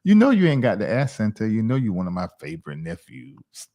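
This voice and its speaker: A man's voice: fairly low pitch, a little fast. Guy in his 40s hosting a livestream, chatty and all over the place, talks to viewers by name. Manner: rambling, animated, talks to chat viewers by name. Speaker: livestream host. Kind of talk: casual livestream chat.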